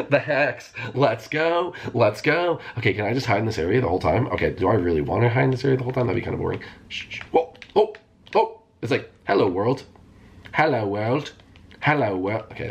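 A man hosting a gaming video, giving excitable live commentary that jumps into squeals and shouts. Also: mid-range voice, fast talker, gravelly. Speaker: gaming channel host.

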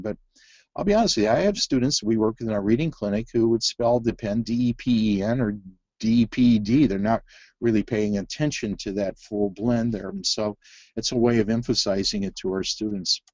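A man's voice: fairly low pitch, dry recording, lo-fi sound. A man teaching a phonics webinar, talking through word activities with many fillers and restarts. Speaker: reading teacher presenting a webinar. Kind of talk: webinar presentation.

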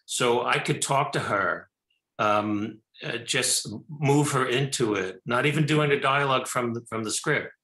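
A man, a film director, telling stories in a talk show interview, animated, with many fillers and restarts. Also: medium pitch, measured pace, reverberant. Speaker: film director and actor, guest. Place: television studio.

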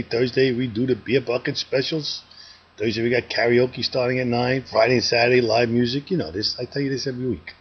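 A man's voice: medium pitch, gravelly, slightly rough, lo-fi sound. A man running a bar, casually announcing the week's events and telling a joke in a folksy, chatty way. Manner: folksy, chatty, tells a joke with put-on voices. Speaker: bar owner giving weekly announcements. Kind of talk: casual social media video.

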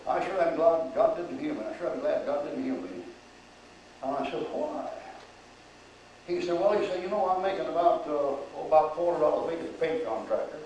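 Older man, folksy preacher, distant and roomy, faint crowd hush. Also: a little high, slight background noise. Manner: folksy storytelling, acts out quoted voices. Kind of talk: sermon. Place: church. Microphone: far camera. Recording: roomy echo, recorded from afar.

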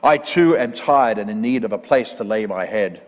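A man voicing a menacing, towering male demon in a story read aloud in a church, speaking loudly and with a sneer. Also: fairly low pitch, lively intonation, moderate pace, lightly acted. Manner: loud, sneering and demanding. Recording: long church reverb.

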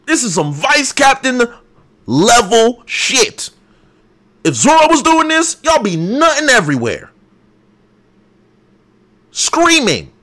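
Hyped-up man reacting loudly. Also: very high voice, slow, long pauses. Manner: excitable, hype, loud outbursts. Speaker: channel host. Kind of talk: live comic reaction.

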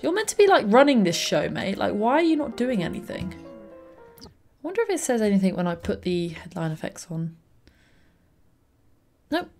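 A woman's voice: medium pitch, very animated, normal speed, long pauses, darkish tone, faint music behind. A young woman hosting a let's play, chatting and reacting aloud to the game with frequent little laughs. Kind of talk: gameplay commentary.

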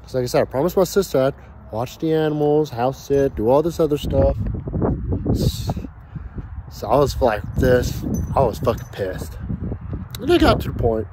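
A man's voice: mid-range voice, sing-song, normal speed, long pauses, noisy background. A man ranting casually and profanely about his work week while grilling outdoors. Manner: profane, heated storytelling. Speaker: vlogger.

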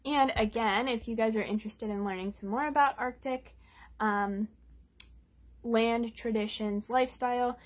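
Breathy woman reading a children's story. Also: fairly high pitch, normal speed. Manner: gentle, explains words for kids. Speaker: storytime reader. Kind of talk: children's storytime read-aloud.

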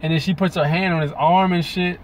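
A man's voice: high-pitched, fairly even intonation, brisk, a little hiss or hum. A man venting in a profane, rambling commentary to his viewers. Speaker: video blogger. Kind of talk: ranting commentary to camera.

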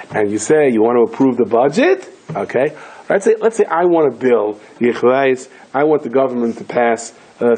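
Animated husky rabbi lecturing. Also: male voice, mid-range voice. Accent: American English with Yiddish and Hebrew words. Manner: animated storyteller, acting out voices with shouts. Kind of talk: Torah lecture.

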